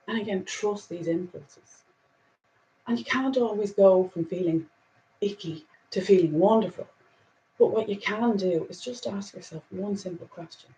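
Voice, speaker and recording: A woman hosting a casual spiritual talk and reading angel cards, earnest and reflective, with soft laughs and a little emotion. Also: mid-range voice, moderate pace, a little hiss or hum, low-quality recording.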